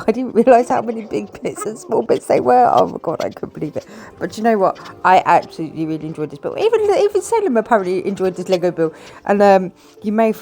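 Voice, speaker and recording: A woman chatting quietly and enthusiastically as she talks through a building video. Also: on the low side. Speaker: Lego building vlogger. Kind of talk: casual chat over a build video.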